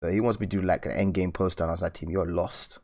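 A man's voice: deep voice, steady tone, racing, gravelly, a little mellow. A young man hosting a live drawing stream, chatting casually and slangily to his viewers and laughing often. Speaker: art channel host.

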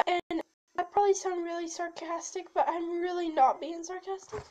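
A woman's voice: very high-pitched, flat delivery, moderate pace, a little mellow, a little hiss or hum, rough recording. A teenage girl chatting casually to her channel, rambling and sidetracked, with many fillers and restarts and a habit of shifting her voice. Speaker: channel host. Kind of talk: casual chat to camera.

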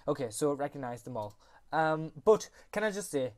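A tutorial host rambles through a casual screen-recorded computer tutorial, often correcting themselves and apologizing, recorded on a USB computer microphone. The voice is medium-pitched with big pitch swings, a darkish tone, and normal speed.

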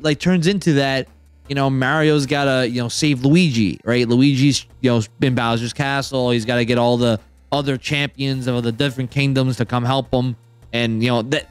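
A man hosts a casual roundtable, talking in an animated, excitable rush. His voice sits a little high and comes through crisp and smooth. The sound is dry and close. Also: no room sound. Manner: animated, excitable, acts out quotes. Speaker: show host.

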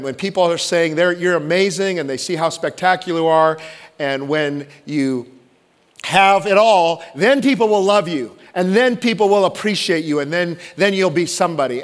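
A man preaching a sermon as pastor, swinging from loud emphatic lines to hushed, intimate ones. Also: fairly high pitch. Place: church sanctuary. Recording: long church reverb.

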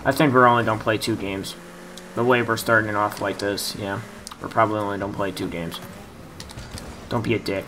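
A man's voice: on the low side, steady tone, a little fast, pauses often, background noise. A young man commenting on his own gameplay, frustrated, muttering and swearing at his opponents. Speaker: gaming youtuber.

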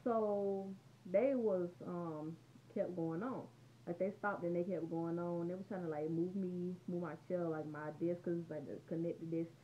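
Teen girl, lower-pitched, casual storytime vlog, rambling chat, dull lo-fi home recording. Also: fairly even intonation, moderate pace, dark tone, slight background noise. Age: teens. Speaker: vlogger. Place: room at home.

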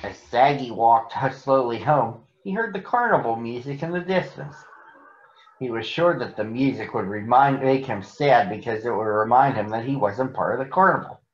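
Slow, expressive man reading a picture book. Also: medium pitch. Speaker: storyteller reading to children. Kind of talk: picture book read-aloud. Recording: echoey, muffled room recording.

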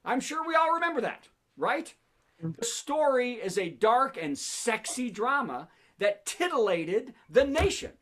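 A man runs through a stand-up monologue over a video call, with a pitch that swings widely. He laughs at his own jokes and banters with the people watching. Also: sing-song, unhurried, fairly bright tone. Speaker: comedy show host.

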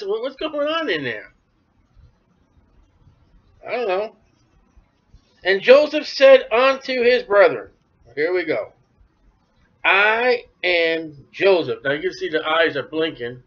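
A man's voice: high-pitched, a bit bright. A man preaching a sermon, talking animatedly and acting out the voices of biblical figures. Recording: dull lo-fi recording.

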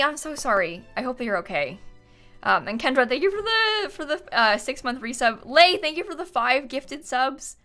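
A woman's voice: on the high side, bright, forceful tone. A young woman chatting casually on a live stream, thanking viewers with frequent fillers and laughs.

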